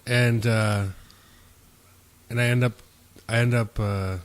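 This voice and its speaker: A man's voice: medium pitch, level tone, takes it slowly, clear, resonant tone. A young man hosting a podcast, telling a long, profane bar story in casual chat and acting out what others said. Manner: rambling, profane, acts out quotes of others. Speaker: podcast host.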